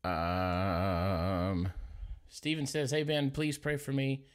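Slow, easygoing Southern man. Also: sits low, completely flat delivery. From Louisiana. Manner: easygoing, reads viewer comments aloud. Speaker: livestream gospel singer. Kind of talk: casual livestream chat with viewers.

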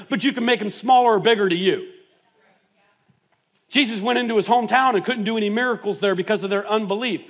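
A male pastor preaching a sermon in a church, mixing stories and humorous asides, his delivery swinging from hushed to loud and emphatic. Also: high voice. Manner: humorous, self-mocking asides. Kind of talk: sermon with personal storytelling. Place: church sanctuary.

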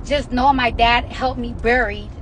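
A woman livestreaming from inside a moving car, talking brashly and excitably, swearing and repeating herself. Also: on the high side, unhurried, very noisy. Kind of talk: casual livestream chat.

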